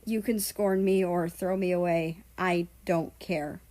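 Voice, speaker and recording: A woman reading aloud voices a tall young man who talks in a gentle, firm and reassuring way. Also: fairly low pitch, steady tone, a little slow, lightly acted.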